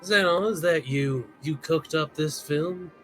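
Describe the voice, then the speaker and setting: A man's voice: on the high side, a little slow, a bit bright, faint music behind, rough recording. A man co-streaming a game, reading character lines and hamming up a put-on Southern accent. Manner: playful, drawls in a put-on Southern voice.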